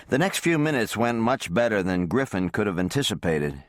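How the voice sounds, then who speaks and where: A man calmly narrating a romance audiobook close to the mic. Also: lowish voice, normal speed, hardly any pauses, no room sound. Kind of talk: scripted narration.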